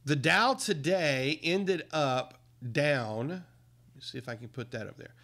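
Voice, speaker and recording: A man's voice: takes it slowly, vocal fry. Indignant man ranting on a livestream. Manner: indignant, emphatic, animated swings in pitch. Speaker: livestream host. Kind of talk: casual ranting livestream commentary.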